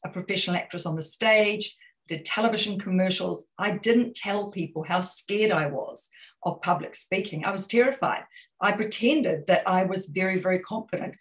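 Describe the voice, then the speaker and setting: Energetic woman coaching over a video call. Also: mid-range voice, low-quality recording. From New Zealand. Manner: energetic, direct, rhetorical questions. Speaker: communication consultant. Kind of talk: webinar coaching talk.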